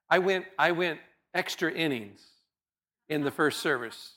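A man with a high, bright voice preaches to his congregation in a church. He talks in an earnest, conversational way and often stumbles and restarts his words. He sounds like a pastor speaking plainly to his people. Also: animated, normal speed, pauses often. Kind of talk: sermon. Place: church sanctuary.

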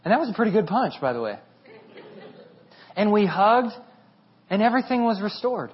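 High-voiced pastor preaching with humor. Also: male voice, normal speed, husky, dull audio. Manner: animated, humorous storytelling. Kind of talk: sermon.

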